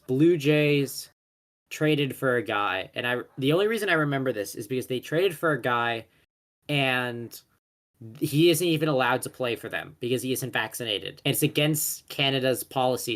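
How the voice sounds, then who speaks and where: A young man in a loose sports podcast chat, voice sitting at an ordinary middle pitch. He rambles along, trips over player names and backtracks to fix himself. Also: a bit bright. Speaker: co-host.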